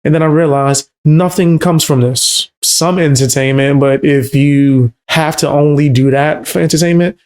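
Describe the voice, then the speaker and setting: A man's voice: medium pitch, a little mellow, smooth. A man hosting a commentary channel, reacting in a blunt, slangy, dismissive way.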